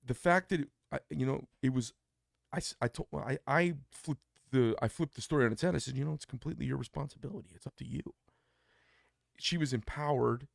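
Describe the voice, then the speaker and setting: Gravelly man, mid pitch, blunt podcast storyteller, dry close mic. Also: brisk, no echo. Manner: blunt, opinionated, acts out quoted dialogue. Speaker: podcast co-host. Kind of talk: casual storytelling chat.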